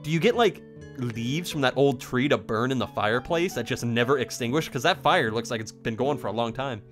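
A young man casually commenting on a game as he plays it, in a rambling, playful way with lots of quick reactions. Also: mid-range voice, faint music behind. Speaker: let's play host. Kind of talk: casual let's play commentary.

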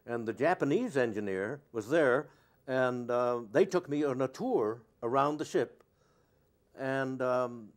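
An older man sits for an interview and answers at length. He wanders from one anecdote to the next in an easy, conversational way, with his voice at an ordinary middle pitch. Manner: rambling, anecdotal storyteller. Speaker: actor being interviewed.

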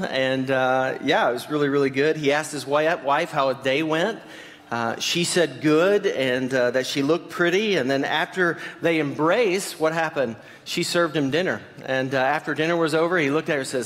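A man's voice: on the high side, normal speed, a bit bright. A male pastor preaching a sermon in a church, telling stories in a conversational way with many fillers and questions to the congregation. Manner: conversational storytelling, many fillers, asks the audience. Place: church sanctuary. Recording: long reverb of a large hall.

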